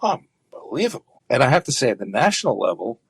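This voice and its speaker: A man speaking earnestly in a conversational interview, often halting with fillers and restarts. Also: medium pitch, sing-song, gravelly, slightly rough, no room sound. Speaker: guest activist.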